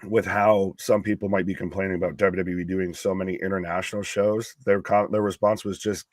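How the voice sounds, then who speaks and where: Blunt low-voiced American wrestling co-host. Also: male voice, little pitch movement, brisk, dry recording. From United States. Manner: blunt, opinionated, joking. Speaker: co-host of a wrestling live stream. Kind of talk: casual live-stream chat.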